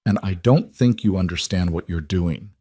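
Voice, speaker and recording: A man's voice: low voice, moderate pace, dark tone, husky, dry recording, clean studio sound. A man voicing a guarded, shaken young woman who breaks off and restarts her sentences. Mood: strained.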